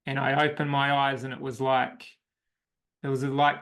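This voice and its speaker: A man's voice: medium pitch, completely flat delivery, normal speed, a bit bright. A man, a coach, telling his personal story as an interview guest in a reflective, emotional way.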